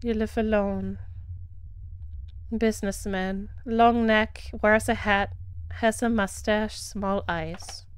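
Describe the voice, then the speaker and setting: A woman's voice: mid-range voice, steady tone, slow, clean tone. A woman with a German accent, chatting casually while streaming a game, laughing and greeting followers. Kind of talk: casual live gameplay commentary.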